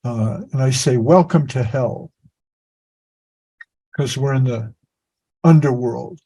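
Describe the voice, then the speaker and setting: A man's voice: medium pitch, slow, mellow, breathy edge, low-quality recording. A man telling a meandering, self-deprecating story on a video call as a spiritual teacher. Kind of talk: anecdotal storytelling.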